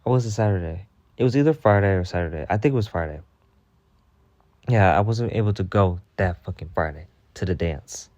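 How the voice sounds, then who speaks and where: A man's voice: low voice, brisk, dry recording, lo-fi sound. A man telling a storytime vlog, venting heatedly with lots of swearing. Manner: heated, profane, animated venting. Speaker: storytime vlogger. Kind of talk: ranting storytime monologue.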